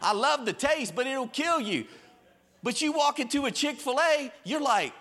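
A man preaching a sermon in a lively storytelling way, with folksy Southern phrasing. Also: very high voice, normal speed. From American South. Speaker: pastor. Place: church stage.

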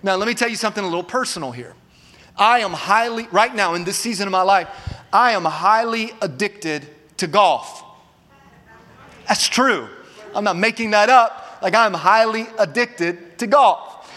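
A man's voice: high-pitched, moderate pace, sharp tone, big-room sound. A man preaching a sermon as pastor, urging his congregation to respond and repeat words after him. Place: church auditorium.

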